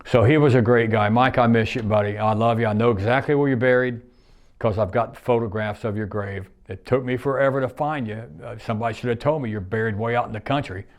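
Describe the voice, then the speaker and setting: A man's voice: mid-range voice, steady tone, quick pace. A man in his sixties, a retired plant worker, reminiscing in a rambling, folksy way, repeating himself and using nonstandard grammar.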